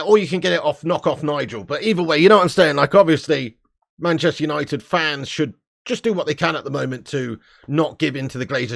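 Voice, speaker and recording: A man's voice: fairly high pitch, creaky, fairly bright tone. A man hosting a casual live-stream fan show, blunt and sweary, laughing between rants.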